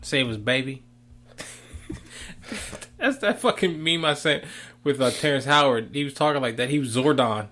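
A young man chats on a podcast, an animated storyteller whose voice rises and dips all over the place. He laughs often and swears casually as he recounts stories. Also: on the high side, a little slow, pauses often. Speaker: podcast co-host.

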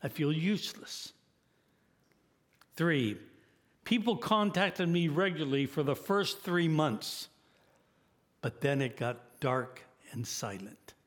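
A man's voice: a little high, expressive, slow, long pauses. Eighty-year-old man preaching earnestly. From United States. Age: 80s. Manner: earnest, rising to emphatic exhortation. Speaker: guest preacher. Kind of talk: sermon.

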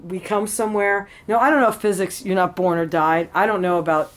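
A woman's voice: mid-range voice, steady tone, a little fast. A woman telling a personal story in casual conversation, rambling and frank, swearing freely, at a temple. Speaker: interviewee.

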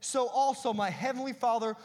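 A man preaching with a high, bright voice that rings out in a long hall reverb. He moves between emphatic, loud passages and hushed asides, as a pastor delivering a sermon from a church sanctuary. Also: brisk.

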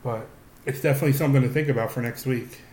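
A man's voice: medium pitch, fairly even intonation, rapid-fire, a little mellow. A man co-hosting a podcast in casual chat, rambling with frequent restarts and fillers. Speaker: podcast co-host. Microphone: podcast microphone. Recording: echoey room with faint noise.

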